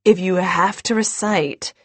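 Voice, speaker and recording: A woman's voice: on the low side, steady tone, unhurried, slightly rough, no room sound. A woman voicing a stern, cold elderly grandmother who speaks in an icy, clipped way. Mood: haughty.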